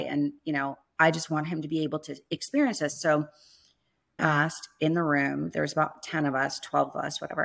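Lady guest, kinda low voice, chatty storytelling, says like a lot. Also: creaky, a bit bright. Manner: chatty, lots of "like" fillers. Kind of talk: casual storytelling interview.

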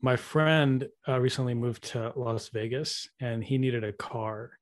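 A man with a medium-pitched voice tells a friend's story in easygoing, casual chat. He talks loosely, with slang like "dude.". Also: a little slow. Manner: relaxed storyteller, uses "dude".

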